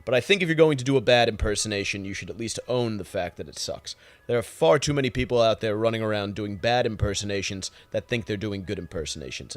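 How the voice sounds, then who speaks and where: A young man hosting a podcast, telling profane, sarcastic stories in an exasperated rant. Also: lowish voice. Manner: crude, sarcastic, exasperated storytelling. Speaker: podcast host.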